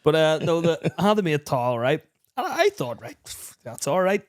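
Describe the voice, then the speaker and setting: A man's voice: fairly high pitch, brisk. A man, co-hosting a podcast and telling comic stories with lots of swearing, laughter and acted-out voices. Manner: animated anecdote-telling, heavy swearing, laughs mid-story, acts out others' lines. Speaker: podcast co-host. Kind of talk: casual chat, comic storytelling.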